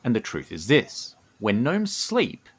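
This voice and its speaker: A man co-hosting a podcast, reading his written fantasy lore aloud, who is enthusiastic and given to excited outbursts. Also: slow, breathy edge. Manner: enthusiastic, bursts into excited high exclamations. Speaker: podcast co-host.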